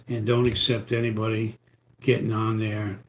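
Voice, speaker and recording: A man with a New York accent and a deep voice, giving rambling, repetitive computer security tips on a live stream. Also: completely flat delivery, normal speed, a little hiss or hum. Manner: rambling, repetitive, folksy advice. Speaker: computer repair host. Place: home in Florida.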